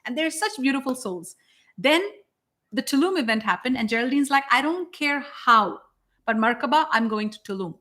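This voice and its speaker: A woman's voice: fairly high pitch, bright, forceful tone. A woman hosting a live spiritual broadcast, talking in an enthusiastic, emphatic, preachy way. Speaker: spiritual channel host.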